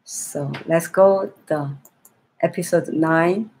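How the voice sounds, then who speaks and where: A woman reading a Bible story aloud to young children in a gentle way, often restarting and repeating phrases. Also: lowish voice, slow pace, a little hiss or hum, low-quality recording.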